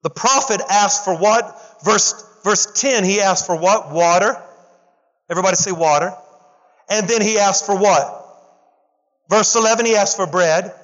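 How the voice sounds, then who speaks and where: A male pastor preaching an animated sermon, acting out the story's characters in casual slang and calling on the congregation to respond. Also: high voice, a little slow, in a large hall, dull audio. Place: church.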